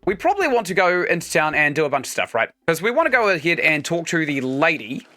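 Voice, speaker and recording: Chatty streamer talking through a game, bright tone, bouncy pitch, faint music behind. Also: very animated, quick pace. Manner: chatty, explaining game mechanics while playing. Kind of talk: casual let's-play commentary.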